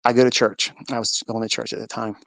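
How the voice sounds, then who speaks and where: A trading mentor with a mid-range, creaky voice speaks quickly and flatly in a dry recording with no room sound. He earnestly tells an audio-chat audience a personal, religious faith story, acting out his own past words as he goes.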